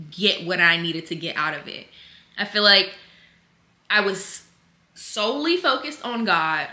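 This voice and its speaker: A woman's voice: medium pitch, bright, forceful tone, roomy sound. A young woman vlogging from home, chatting casually to viewers and calling them y'all. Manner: sing-song baby talk to her infant. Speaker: vlogger and mother. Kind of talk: casual chat to camera.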